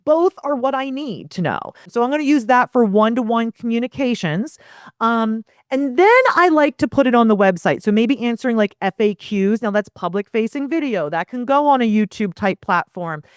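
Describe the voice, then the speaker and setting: Lively woman guest on a podcast, smooth clear voice, dry sound, acts stuff out. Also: a little high, normal speed, dry recording. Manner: energetic, animated, acts out quoted lines. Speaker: guest, property management founder. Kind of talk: casual interview chat.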